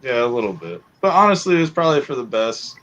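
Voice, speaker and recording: A man's voice: mid-range voice, sing-song, fast talker, a bit bright, dull audio. A man as a podcast guest, easygoing and modest in casual chat.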